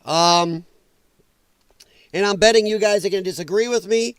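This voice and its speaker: A man hosting a casual reaction livestream, his voice strained and damaged from breathing trouble, blunt and opinionated and quick to swear. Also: sits high, a bit bright, smooth, dry recording. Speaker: livestream host.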